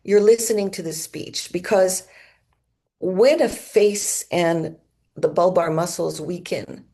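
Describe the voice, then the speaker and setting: A woman speaking at a medical conference, her voice low and mellow with a gravelly edge. She explains step by step in a steady lecturing manner and sometimes demonstrates symptoms with her own voice. She speaks into a microphone in an auditorium. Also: slow pace.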